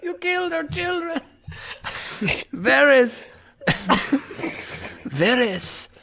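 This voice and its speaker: A woman reading plot notes aloud in a hammy, sultry mock Spanish accent, drawn out and breathy. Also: high voice, big pitch swings, very slow, fairly bright tone, pitched above the performer's own voice, heavily acted. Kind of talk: comic put-on accent.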